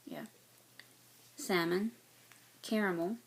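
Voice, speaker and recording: Talking casually to camera, this woman, a cross-stitch vlogger with a gentle Southern accent from North Carolina, rambles along with plenty of fillers and false starts. She speaks a little slowly in a fairly low, creaky voice, leaving long pauses. The recording is rough.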